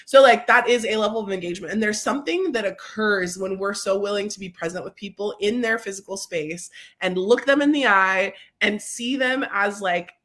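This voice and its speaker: Woman, medium pitch, enthusiastic, filler-heavy casual talk, video call. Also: normal speed, a bit bright. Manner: enthusiastic, many fillers, speaks of energy and joy. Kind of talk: casual conversation.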